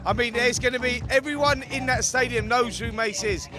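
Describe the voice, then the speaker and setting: A man's voice: very high voice, fairly even intonation, normal speed, music in the background. A man giving casual boxing commentary in a studio, chatty and rambling with plenty of fillers. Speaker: boxing pundit.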